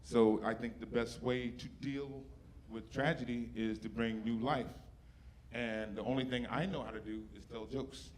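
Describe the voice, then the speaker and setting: A man doing a stand-up set in a comedy club, swearing freely and fighting back tears as he talks about his mother. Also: medium pitch. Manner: profane, emotional, close to tears. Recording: live club with audience noise.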